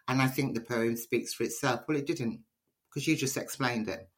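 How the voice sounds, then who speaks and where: A woman's voice: extremely low pitch, fairly quick. Chatty woman telling stories. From Liverpool, England. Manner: chatty, storytelling, animated. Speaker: poet, interview guest. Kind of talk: conversational interview answers.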